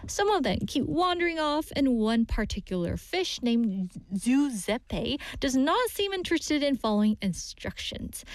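A woman with a fairly high voice hosts an English lesson, with a lively, upbeat delivery. Her pitch swings widely from phrase to phrase. The sound is close and dry, with no room echo. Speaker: radio English teacher. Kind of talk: scripted lesson presenting.

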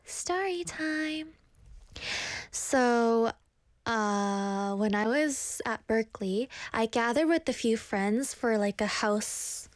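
A woman's voice: a little high, slow, dry recording, studio quality. Chatty young woman reading chat aloud. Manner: chatty, self-deprecating, reads comments aloud; animated quoted voices in stories. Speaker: streamer host reading chat. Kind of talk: casual chat with viewers.

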